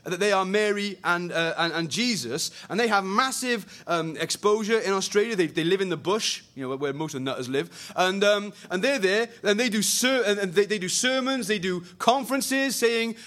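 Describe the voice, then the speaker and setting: Young male preacher, fairly high-pitched, animated and chatty delivery, big emphatic peaks and hushed earnest drops. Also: normal speed, few pauses. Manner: animated, swinging from loud emphasis to quiet earnestness. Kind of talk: sermon.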